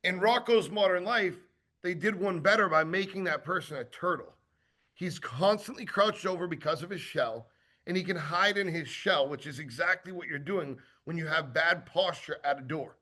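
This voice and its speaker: A man giving a casual sales training talk, acting out quick exchanges with customers and tossing in lots of fillers and asides. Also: fairly high pitch. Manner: animated, acts out customer exchanges; conversational with many fillers and asides.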